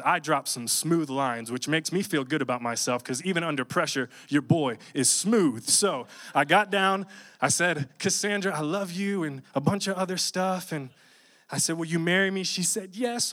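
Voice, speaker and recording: Man, young adult, pastor, storytelling sermon, jokey, animated, fairly high voice.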